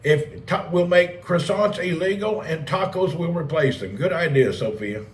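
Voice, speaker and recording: A man hosts a laid-back live stream, rambling, joking, and reading and replying to chat messages. His voice is on the high side, at a moderate pace with few pauses, picked up by a roomy, distant mic with faint ambience.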